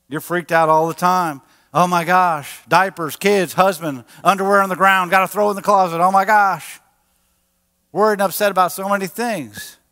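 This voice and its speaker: A man, a pastor, preaching a sermon in a lively, animated way and acting out quoted voices. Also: sits high. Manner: animated, acts out quotes with a raised voice. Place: church sanctuary. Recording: large church hall with long reverb.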